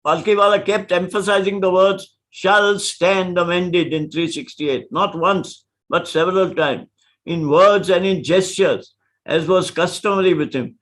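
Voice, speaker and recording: An older man, a senior advocate giving a formal lecture, measured and deliberate, stressing key words as he tells his stories. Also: sits high, a bit bright. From India.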